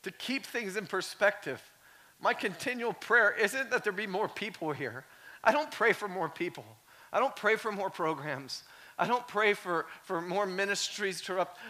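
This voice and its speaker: Bright-voiced animated male pastor. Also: high-pitched. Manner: animated, swings from quiet storytelling to shouting; conversational, many "like" fillers. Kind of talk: sermon.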